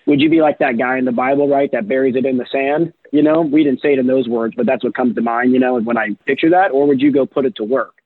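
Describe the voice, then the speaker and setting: A man's voice: medium pitch, fast, few pauses, no echo. A man telling stories about his career in a casual interview, full of fillers and acted-out dialogue. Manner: chatty, animated, many fillers like "you know" and "right". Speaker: guest, real estate investor. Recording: tinny phone-like line, dry.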